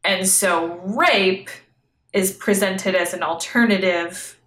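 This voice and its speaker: A woman co-hosts a podcast in casual, blunt, sarcastic chat. Her voice is bright and forward. The room around her is echoey. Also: mid-range voice, slow pace, a little hiss or hum. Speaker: podcast co-host.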